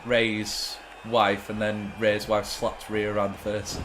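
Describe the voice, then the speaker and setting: A man's voice: on the low side, monotone, takes it slowly, background noise. Rambling man chatting on a gaming stream. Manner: rambling, laughs often. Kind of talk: casual chat while gaming.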